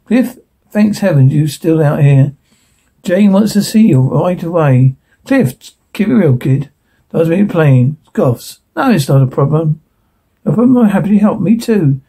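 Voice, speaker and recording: Man, husky and gravelly, dark tone, reads every part and stage direction flatly. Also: fairly high pitch, unhurried. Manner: flat, stumbling read-aloud with stage directions. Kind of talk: one voice reading all parts of a show transcript.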